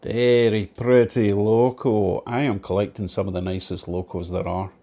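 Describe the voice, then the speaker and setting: Warm but fairly flat, this low-pitched man speaks at a normal speed while hosting his model railway channel. Running a train around his home layout, he keeps up a chatty, enthusiastic commentary laced with light self-mockery.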